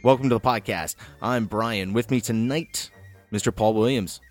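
A man hosting a movie podcast in relaxed, chatty talk with plenty of fillers. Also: on the low side, moderate pace, music in the background. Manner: laid-back, chatty, many fillers. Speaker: podcast host. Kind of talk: casual chat.

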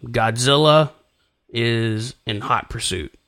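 A man's voice: mid-range voice, slow, bright, forceful tone, smooth. A man co-hosting a casual movie podcast, opinionated and emphatic as he explains scenes. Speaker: podcast co-host.

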